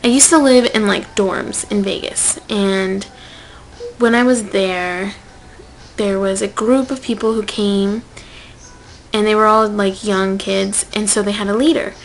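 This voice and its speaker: A young woman telling a personal story to camera in a casual vlog, swinging from loud outbursts to whispered asides. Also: mid-range voice, fairly even intonation, a little slow, slight background noise, low-quality recording. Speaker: vlogger.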